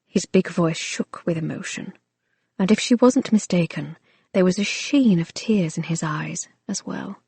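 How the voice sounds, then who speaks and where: Slow, husky woman narrating an audiobook. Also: fairly low pitch, dark tone, dry recording. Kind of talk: scripted narration of a romance novel.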